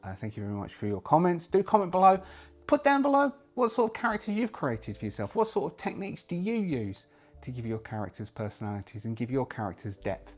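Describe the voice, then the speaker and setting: Lively rambling man, channel host. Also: a little high, fast talker. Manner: rambling, self-correcting, lively. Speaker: solo roleplaying channel host. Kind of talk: casual talk to camera.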